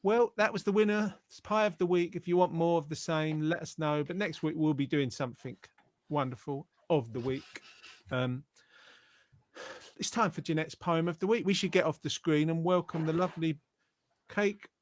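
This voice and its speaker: A man's voice: on the high side, normal speed, a little hiss or hum. A man hosting a casual online show, chatty and teasing in a friendly way. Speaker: host.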